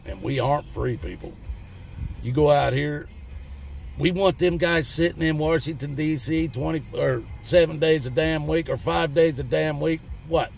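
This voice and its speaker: A man's voice: fairly high pitch, moderate pace, gravelly, a little mellow. A middle-aged man with a Southern US accent, hosting his own channel and ranting bluntly in a folksy, cussing manner. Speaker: channel host. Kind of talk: ranting opinion monologue to camera.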